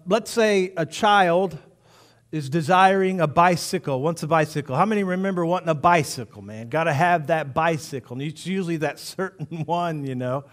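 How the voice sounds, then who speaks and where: A man preaching a sermon as pastor, animated and storytelling, acting out the people in his examples. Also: high-pitched. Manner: animated storytelling with acted-out voices.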